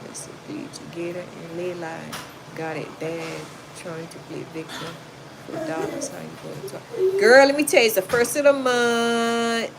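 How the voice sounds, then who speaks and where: A woman's voice: mid-range voice, fairly even intonation, normal speed. Sassy woman chatting on a noisy livestream. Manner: chatty, sassy, gives blunt advice, reads comments aloud. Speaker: livestream host reading chat. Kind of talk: casual livestream chat. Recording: noisy home recording.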